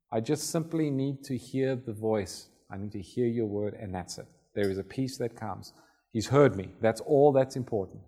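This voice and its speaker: Male preacher, relaxed storytelling sermon delivery, acts out scenes. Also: mid-range voice. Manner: conversational, acts out Bible scenes.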